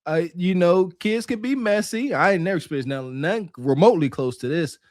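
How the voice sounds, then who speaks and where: Middle-aged male podcast co-host, high-pitched, animated preachy delivery. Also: a little fast, dry recording, studio quality. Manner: animated, preachy, laughs often. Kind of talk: casual chat reacting to clips.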